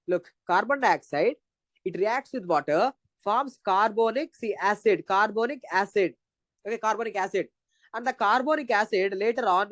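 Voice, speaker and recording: His voice sits high as he teaches an exam-prep physiology lecture in Indian-accented English, and the recording is dry. He's repetitive, walking through the material step by step.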